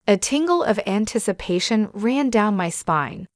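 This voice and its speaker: A woman reading a scripted first-person drama as narrator, in a steady, even way. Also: medium pitch, moderate pace, few pauses, no room sound, clean studio sound.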